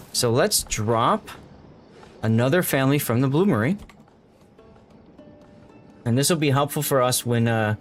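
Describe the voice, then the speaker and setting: A man live-streaming a city-building game, thinking aloud and greeting his chat as he plays. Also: medium pitch. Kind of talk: casual live-stream gameplay commentary.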